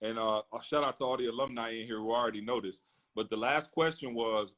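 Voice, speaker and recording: A man's voice: mid-range voice, fast talker, a bit bright. A man hosting a casual live-stream chat, hyped and promotional, acting out viewers' questions. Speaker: host. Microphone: phone on a live stream.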